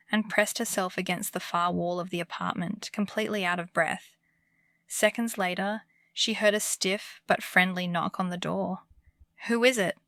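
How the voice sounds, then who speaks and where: A woman narrates true scary stories in a calm, soothing bedtime manner. Her voice is bright and edged with a gravelly fry. The recording is close and dry, with no room sound. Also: medium pitch, no echo. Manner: calm, comforting delivery. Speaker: horror story narrator. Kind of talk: scripted bedtime horror narration.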